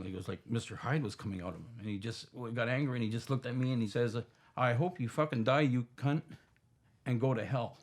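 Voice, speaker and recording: A man, a bystander who vividly retells an attack and quotes what each person said. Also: medium pitch. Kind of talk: recounting a story in an interview.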